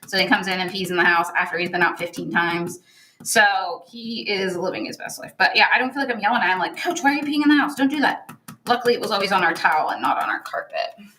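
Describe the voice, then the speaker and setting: A woman's voice: lowish voice, expressive, fast talker, pushed and bright, slight background noise, rough recording. A woman co-hosting a crafting livestream, chatting casually and laughing as she works, full of "like" and "oh my gosh.". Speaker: co-host of a stenciling livestream. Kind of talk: casual chat while crafting.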